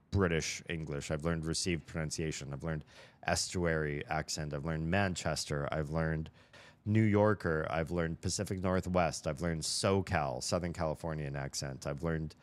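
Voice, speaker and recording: A man's voice: a bass voice, a little slow. An American man with a neutral General American accent, chatting casually to his livestream audience while gaming, rambling and thinking aloud. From United States. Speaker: streamer.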